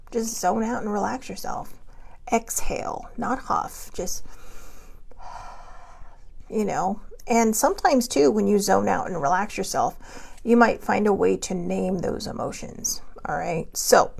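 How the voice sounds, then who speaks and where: Chatty woman with a gravelly edge. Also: medium pitch. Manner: chatty and rambling, laughs often. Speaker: host. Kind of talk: casual talk show monologue.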